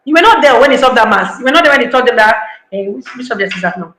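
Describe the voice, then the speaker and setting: A woman's voice: a little high, lively intonation, rapid-fire, a bit bright, echoey room, a little hiss or hum, rough recording. A woman giving an online parenting talk, emphatic, repeating key lines and acting out parents' voices. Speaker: parenting speaker.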